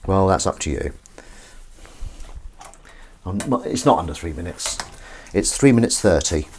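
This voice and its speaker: A man chats casually on a home live stream as he washes up, rambling to viewers and to his cat. His voice sits fairly low but swings wide and lively in pitch. Faint background noise runs under the recording. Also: unhurried. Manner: rambling, chatty, talks to viewers and his cat, sings little tunes. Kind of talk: casual live-stream chat while washing up. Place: home kitchen.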